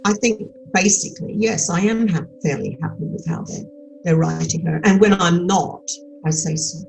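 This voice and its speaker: Cheeky older Australian woman, lowish voice. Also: moderate pace, creaky, a little mellow, slight background noise, rough recording. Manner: cheeky, frank, rambling with restarts. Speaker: actress and podcast guest. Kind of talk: casual interview chat.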